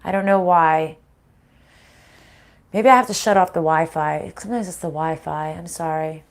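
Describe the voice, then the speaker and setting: A middle-aged woman giving a casual spiritual reading, frank and animated, swearing freely and laughing often. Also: low voice, moderate pace. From Italian-American family. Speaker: spiritual reader and channel host.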